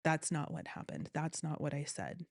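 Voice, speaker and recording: A woman's voice: low voice, normal speed, no room sound. Earnest woman guest, dry close sound. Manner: earnest, animated, often quotes others. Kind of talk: personal story in conversation.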